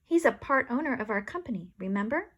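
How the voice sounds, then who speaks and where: A woman voicing an upbeat older grandmother who teaches and invents, talking in an encouraging, excited way. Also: a little high, fairly quick. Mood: cheerful.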